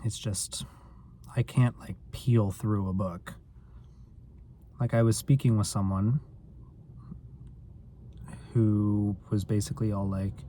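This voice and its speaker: Low, mellow-voiced man chatting casually. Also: steady tone, slow, long pauses, a little hiss or hum. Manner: rambling, self-deprecating, lots of filler likes. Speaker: vlogger. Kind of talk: casual vlog chat.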